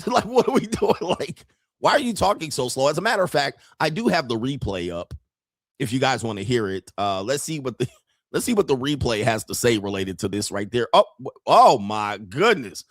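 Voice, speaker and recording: A man's voice: mid-range voice, normal speed, dry recording. A man talks over clips on his live stream, teasing and laughing as he goes. His voice sits in the middle range and the sound is dry and close, with no room around it. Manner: mocking, animated, laughs often. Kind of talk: casual reaction commentary.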